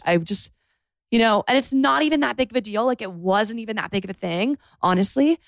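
A woman's voice: on the high side, animated, fairly quick, gravelly, dry recording. A woman hosting a solo confessional podcast from her bedroom floor, talking candidly and rambling with lots of "like", sometimes close to tears. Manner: candid, rambling, heavy use of "like"; emotional, close to tears at times. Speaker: podcast host. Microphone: podcast microphone.

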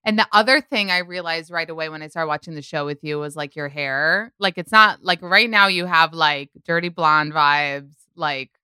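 Bright gossipy young woman podcast host. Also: low-pitched, normal speed, few pauses, clear, resonant tone, no room sound, clean studio sound. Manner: gossipy, uses "like" a lot. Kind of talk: casual interview chat.

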